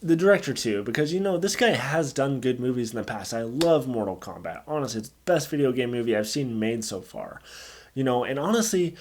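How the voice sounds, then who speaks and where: A male movie reviewer delivers an angry, exasperated rant, swearing freely. His voice sits at an ordinary mid pitch. He sounds fed up throughout. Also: lively intonation, fairly quick, a little mellow. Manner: angry, profane, exasperated ranting. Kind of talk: ranting film review.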